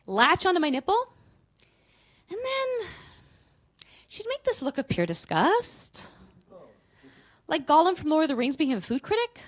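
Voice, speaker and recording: A woman in her thirties doing stand-up comedy, her voice sitting fairly high and swinging widely in pitch. She tells candid, self-mocking stories and lands quick punchlines. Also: wildly swooping pitch. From Canada.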